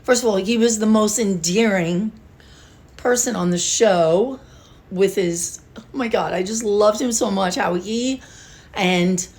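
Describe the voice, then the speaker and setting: A woman's voice: medium pitch, measured pace, darkish tone. An older woman talking casually and emotionally to her viewers, rambling with sighs and restarts. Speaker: beauty vlogger. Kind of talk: casual talk to camera.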